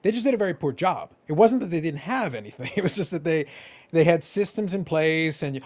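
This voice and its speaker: Joking male host, slightly higher voice. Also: lively intonation, fairly quick, a little mellow. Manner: joking, self-deprecating, playful asides. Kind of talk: casual livestream chat.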